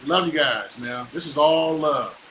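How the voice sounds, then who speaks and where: Fired-up bright-voiced middle-aged man. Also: a little high, unhurried, a little hiss or hum, low-quality recording. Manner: boastful, fired-up, preachy, with whoops. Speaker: real estate investor hosting a live stream. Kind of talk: motivational live-stream talk.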